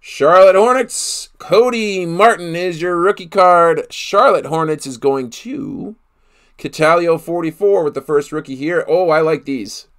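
A man's voice: a little high, a little slow, a bit bright. A man from Canada hosting a live card break, chatting casually with viewers, laughing often and thinking aloud with fillers.

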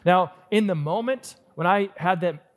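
A man pastor preaching a sermon in an earnest, personal storytelling way, swinging between lively stretches and hushed ones. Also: sits high, a little slow.

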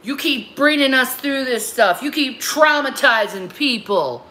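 A woman's voice: high-pitched, animated, unhurried, sharp tone. A woman ranting on a livestream, furious and profane, confronting her critics head-on. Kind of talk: angry livestream rant.

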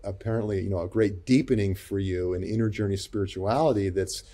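A man who is a pastor and psychologist, speaking as a guest in a gentle, reflective way with many pauses and fillers. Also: fairly low pitch. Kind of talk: interview conversation.

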